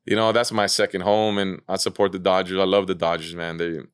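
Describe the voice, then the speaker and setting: A man as a podcast guest, telling stories in a casual, animated way, peppered with "man" and "bro". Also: low-pitched, brisk, clear, resonant tone, dry recording, studio quality. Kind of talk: casual storytelling chat.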